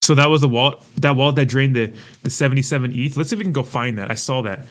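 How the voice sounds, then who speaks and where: A man's voice: medium pitch, fast. A man hosting a casual livestream, reacting to chat comments in a profane, heated way while hungover. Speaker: crypto livestream host.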